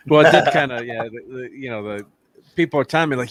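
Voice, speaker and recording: A man's voice: mid-range voice, fast talker, dry recording. A man hosting a casual film review chat, rambling with fillers and laughing often. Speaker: channel host.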